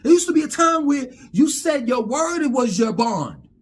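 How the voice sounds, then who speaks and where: A man's voice: very high-pitched, sing-song, moderate pace, breathy edge. Heated, profane man ranting. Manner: heated, profane, stammering repetitions. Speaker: vlogger. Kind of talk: angry monologue rant.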